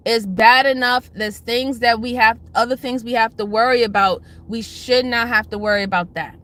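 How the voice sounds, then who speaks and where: Bright, high-voiced woman livestream host. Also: steady tone, moderate pace. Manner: greets chatters by name, lectures and pleads; emphatic, repeats herself. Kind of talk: casual livestream commentary.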